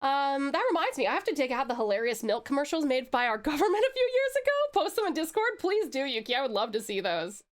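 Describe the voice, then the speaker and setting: A woman's voice: high-pitched, fast, few pauses. A woman from Tasmania with an Australian accent, chatting playfully on a live stream and greeting viewers. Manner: playful, teasing, bursts of excited squeals. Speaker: VTuber streamer. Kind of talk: casual live-stream chat.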